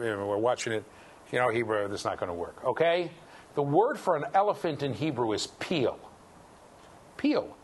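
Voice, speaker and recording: Animated male lecturer in a class. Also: mid-range voice, slight background noise. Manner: lively, jokey, quizzes the class. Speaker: university lecturer. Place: lecture hall.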